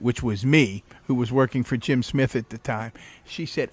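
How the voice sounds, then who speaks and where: A middle-aged man as a podcast guest, telling animated anecdotes with frequent laughs in a cafe interview. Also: medium pitch, normal speed, slightly rough. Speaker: podcast guest, former county executive. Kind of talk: casual interview storytelling.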